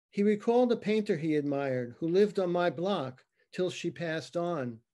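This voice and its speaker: A man reads his narrative poem over a video call. His voice sits high for a man, and he takes it slowly, drawing out each line with dramatic weight. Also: dark tone. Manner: slow, dramatic reading with acted dialogue. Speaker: poet reading his work. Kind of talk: poetry reading.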